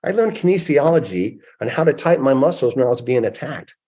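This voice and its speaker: A man's voice: mid-range voice, big pitch swings, fairly quick, warm tone, slightly rough. A man in his sixties, a guest author, telling stories in an interview with emphatic delivery. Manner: emphatic, acts out quoted voices. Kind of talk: animated storytelling interview.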